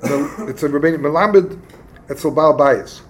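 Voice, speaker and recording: Guy teaching a text class, kinda high voice, stops and restarts a lot, acts out little arguments, faint hiss. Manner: halting, explains texts plainly and acts out quarrels. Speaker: religious teacher. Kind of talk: casual text study lesson.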